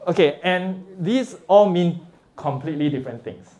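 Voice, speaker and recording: Animated Singaporean man lecturing. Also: sits high, moderate pace. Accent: Singaporean English. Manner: animated, chuckles often, checks in with listeners. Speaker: guest lecturer, professor. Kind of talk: lively informal lecture.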